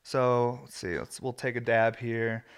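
A young man in the host's seat, talking casually and rambling freely, full of "like" and restarts. His voice sits in an ordinary middle pitch. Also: fairly even intonation, unhurried, smooth. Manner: chatty, filler-heavy, self-interrupting. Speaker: host of a smoking video show. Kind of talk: casual chat.

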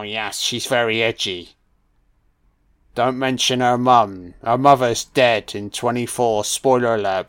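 Brief: male film commentator, mid-pitched, sarcastic and foul-mouthed. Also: a bit bright, no room sound. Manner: sarcastic, heavy swearing, irreverent. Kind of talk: casual profane movie commentary.

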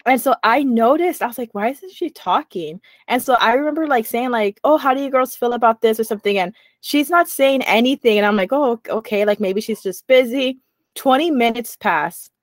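A woman's voice: fairly high pitch, fairly quick, dry recording. A young woman co-hosting a podcast, chatting casually and telling a rambling story while laughing easily. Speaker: podcast co-host. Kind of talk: casual chat.

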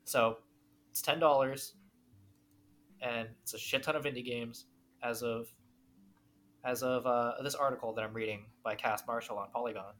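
A low-pitched woman co-hosts a casual podcast, swearing freely and joking around. She reads news items in a flat, quick voice. A faint hiss sits under the recording. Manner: profane, jokey, reads news aloud. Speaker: podcast co-host. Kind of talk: casual chat.

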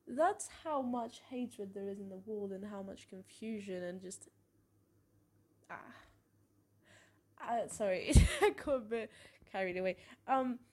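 A young woman hosting a podcast, telling personal stories in a frank, expressive way, with swearing and small laughs. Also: mid-range voice, slightly rough. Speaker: podcast host. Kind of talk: candid personal monologue.

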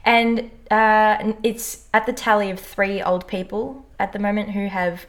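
A young woman joins a casual chat as a guest, her pitch mid-range. She talks chattily, swears now and then and giggles between lines. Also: little pitch movement, a little slow.

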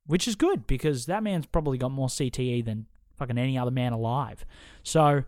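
A man's voice: medium pitch, a little fast, a little mellow, no echo, studio quality. A young man hosting a podcast, ranting heatedly and swearing constantly as he picks apart someone's opinions. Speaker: podcast host. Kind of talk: casual podcast rant.

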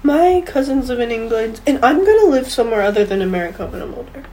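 A woman's voice: on the high side, sing-song, quick pace, mellow, low-quality recording. A young woman co-hosting a casual chat, bubbly and rambling, with lots of fillers. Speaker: podcast co-host.

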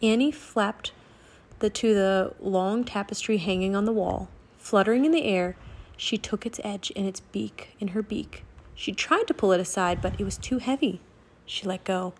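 A woman's voice: medium pitch, moderate pace. Woman reading a children's story aloud. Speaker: narrator. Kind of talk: audiobook narration of a children's novel.

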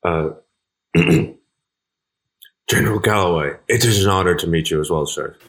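A formal, respectful young dragonborn who addresses his superior as sir, played by a man at the gaming table. The voice is very deep and steady. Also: quick pace.

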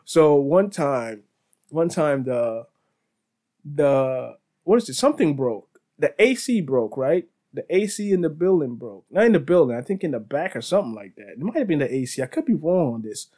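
A man's voice: on the high side, sing-song, moderate pace, warm tone. A man hosting a podcast, telling casual stories in a rambling way with restarts, laughter and "bro". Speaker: podcast host. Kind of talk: casual storytelling.

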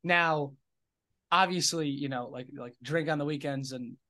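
Podcast guy who keeps stuttering on restarts, kinda high voice, swears a lot. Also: unhurried, pushed and bright. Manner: stammering restarts, swears casually. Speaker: podcast co-host. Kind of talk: casual chat.

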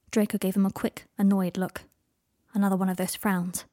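A woman's voice: medium pitch, little pitch movement, mellow, no room sound. Woman reading a story, dry close sound. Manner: measured, unhurried phrasing. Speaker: narrator. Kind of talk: audiobook reading of fan fiction.

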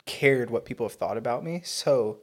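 A young man from Texas co-hosting a casual podcast chat. His pitch sits in an ordinary middle range. He talks bluntly, swears freely and laughs often. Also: animated, moderate pace. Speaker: podcast co-host.

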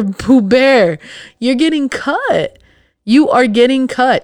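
A woman's voice: mid-range voice, clean tone, dry recording, studio quality. A woman hosting a solo podcast, talking in a sassy, blunt and emphatic way, sarcastic and witty. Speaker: podcast host.

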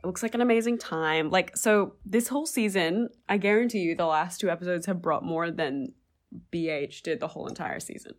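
A woman's voice: lowish voice, a little fast. A woman, co-hosting a podcast and gossiping enthusiastically in casual chat. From Australia. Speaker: podcast co-host.

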